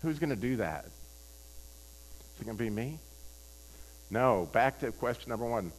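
A man's voice: medium pitch, animated, unhurried, low-quality recording. An older man preaching a sermon, telling a personal story and often asking the audience questions. He talks in a conversational way and repeats his key phrases for emphasis.

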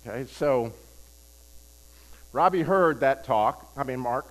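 An older man preaches a sermon built around a personal story, often putting questions to the audience. He speaks conversationally at a slow pace with frequent pauses, repeating key phrases for emphasis, in a mid-range voice on a rough recording.

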